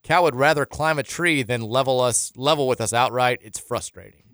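A rambling male sports radio host talks casually and reads listener texts in a radio studio. His mid-range voice is fairly quick and a bit bright, with a dry, clean studio sound. He keeps restarting and chuckling as he goes.

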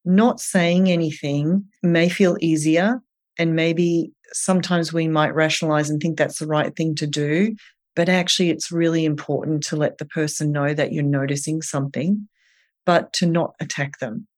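Gentle, earnest clinician giving advice. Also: mid-range voice, steady tone, normal speed. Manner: gentle, earnest, explains step by step. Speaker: eating disorder clinician guest. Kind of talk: advice in an interview.

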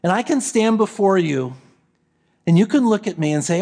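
A man giving a Christmas Eve sermon as a pastor, telling a story with repeated phrases that build and then fall soft. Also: high-pitched, lively intonation, moderate pace.

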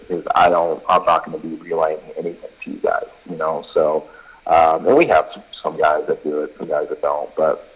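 A man with a very low, husky voice tells baseball stories in a loose, conversational way. He keeps stacking "you know" and "like" and acts out both sides of an argument. It has a broadcast-style sound. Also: poor audio. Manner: rambling anecdotes full of fillers and quoted dialogue. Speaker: college baseball head coach. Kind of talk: casual podcast chat, storytelling.

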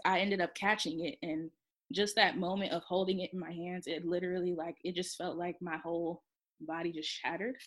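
A woman recounts a personal experience in a quiet, soft-spoken voice that sits a little low. Her telling is halting, full of pauses and restarts. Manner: halting, with many fillers and restarts. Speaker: storyteller. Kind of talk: personal storytelling.

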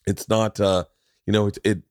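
A man's voice: on the low side, little pitch movement, normal speed, darkish tone, dry recording, studio quality. A man in his forties hosting a podcast, telling a personal story in a blunt, profane, emotional way. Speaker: podcast host. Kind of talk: casual storytelling conversation.

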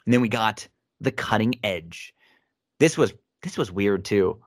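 A man's voice: lowish voice, lively intonation, measured pace, no room sound, studio quality. A man co-hosting a wrestling review podcast, giving opinionated casual commentary with frequent restarts.

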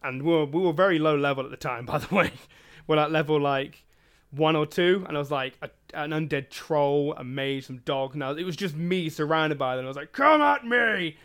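A man talks casually on a gaming podcast. His voice sits a little high, and he tells his stories with energy. He acts out what each person said. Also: a little fast, clean tone. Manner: animated storyteller, acts out quotes. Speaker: podcast co-host.

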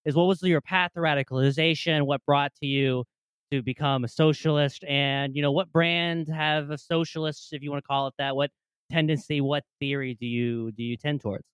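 A young man hosting a podcast, speaking casually and haltingly with fillers and restarts. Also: on the high side, fairly even intonation, clear, resonant tone, dry recording. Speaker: podcast host. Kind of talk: casual conversation.

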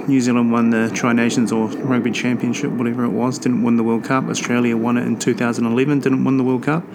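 A man's voice: medium pitch, little pitch movement, fast talker, hardly any pauses, noisy background. A man hosting a rugby podcast from home, talking in a rambling, offhand and profane way. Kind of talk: casual solo podcast chat. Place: home near an airport.

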